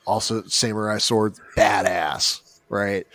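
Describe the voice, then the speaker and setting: A man's voice: fairly low pitch, fairly even intonation, slow, a bit bright, dry recording. A man from the United States telling a true crime story in casual, joking podcast chat. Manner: joking, rambling, mocking asides. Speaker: podcast co-host.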